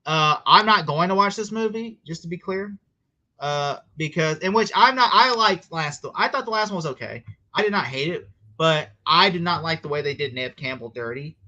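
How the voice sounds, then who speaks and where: American male host, bright, slightly high voice, chatty rambling style, acts out quotes. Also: moderate pace, highs cut off. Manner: rambling, chatty, laughing asides and acted-out quotes. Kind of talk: casual livestream chat.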